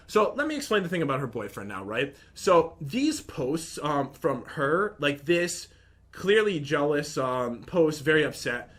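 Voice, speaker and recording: A man's voice: fairly high pitch, very animated, unhurried, fairly bright tone. A young man in casual commentary, rambling and aggrieved as he reads out and picks apart messages from an ex. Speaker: vlogger.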